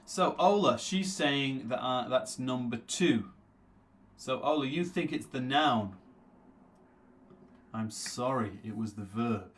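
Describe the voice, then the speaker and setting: A man runs a live online English class, speaking at an ordinary middle pitch. He says words slowly, over and over, to drill their sounds. He also reads out viewers' names from the chat and answers them. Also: animated, fairly bright tone. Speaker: English teacher.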